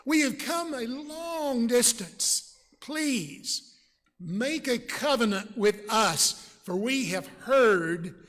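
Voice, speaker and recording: A man's voice: very high voice, lively intonation, drawn-out words, fairly bright tone, exaggerated voice. A preacher voicing crafty male envoys who pretend to be weary travelers, pleading in a storytelling way. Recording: long church reverb.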